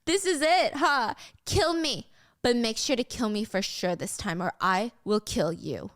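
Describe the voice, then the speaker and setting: A woman's voice: fairly high pitch, animated, measured pace, no echo, studio quality. A woman voicing a defiant young woman who is unafraid in the face of death, during a podcast retelling. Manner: defiant, fearless.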